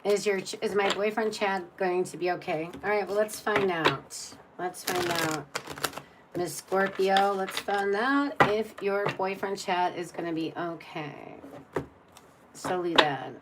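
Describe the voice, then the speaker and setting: A woman's voice: medium pitch, measured pace, very noisy. Blunt, rambling woman tarot reader. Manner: blunt, exasperated, rambling with many restarts. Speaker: tarot reader on a live stream. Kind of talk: casual live-stream chat.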